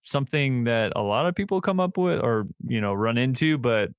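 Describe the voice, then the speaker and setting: A man co-hosting a horror movie podcast in relaxed, casual banter, laughing often. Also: medium pitch, brisk, smooth, no echo, clean studio sound. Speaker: podcast co-host.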